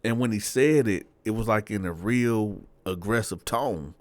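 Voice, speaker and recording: A man telling a personal story in a relaxed, slangy, conversational way, close to the mic. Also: fairly low pitch, measured pace, dry recording. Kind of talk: casual storytelling.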